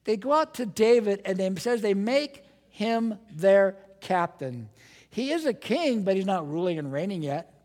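Male pastor, sermon delivery, high voice, lively rhetorical questions, long hall reverb. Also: measured pace. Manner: animated preaching, acting out listeners' voices, rhetorical questions.

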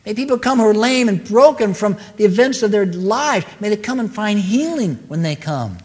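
Male pastor, earnest preacher, slightly high voice, long church-hall reverb. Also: lively intonation, normal speed, a little mellow. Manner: earnest preaching with emphatic repeated phrases. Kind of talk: sermon.

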